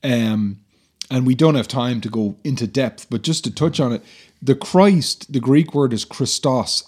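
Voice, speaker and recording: A man in a conversational Bible discussion, explaining scripture step by step in an earnest, teacherly manner. His voice sits at a middling pitch, and he pauses often with fillers as he works through each point. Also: a little mellow, slightly rough.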